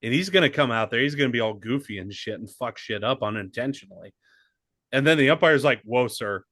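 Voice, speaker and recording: Animated man, dry close sound. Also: mid-range voice, quick pace, no echo. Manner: emphatic, excitable, swears freely. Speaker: podcast co-host. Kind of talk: casual chat.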